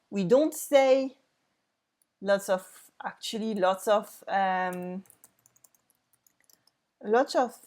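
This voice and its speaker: A woman's voice: mid-range voice, dark tone. A French woman in her thirties with a French accent, teaching a reading lesson for learners, repeating words and sounding them out with care. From France.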